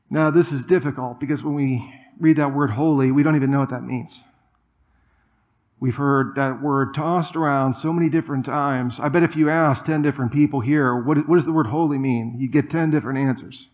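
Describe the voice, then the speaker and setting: A man preaching a sermon in a church, conversational and animated, with asides and humor. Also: fairly high pitch, moderate pace, highs cut off. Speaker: pastor. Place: church auditorium.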